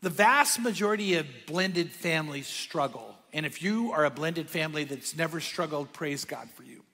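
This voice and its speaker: A male pastor preaching a conversational sermon with bursts of energy and sudden hushed asides. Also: a little high, lively intonation, moderate pace, long reverb tail.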